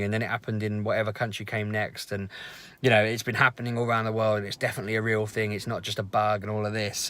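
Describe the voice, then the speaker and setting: A man, chatting casually to camera in a rambling, animated vlog. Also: on the low side. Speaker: vlogger.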